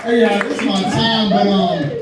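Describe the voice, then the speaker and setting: An older man telling a stand-up comedy story, animated and laughing at his own punchlines. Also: high-pitched, normal speed, a loud crowd, very noisy. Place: American Legion hall, live show. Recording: echoey hall, mic heard from far.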